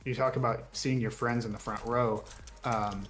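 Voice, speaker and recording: A man co-hosting a casual podcast, talking in relaxed, run-on thoughts. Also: mid-range voice, normal speed, soft background music. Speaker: podcast co-host. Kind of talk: casual chat.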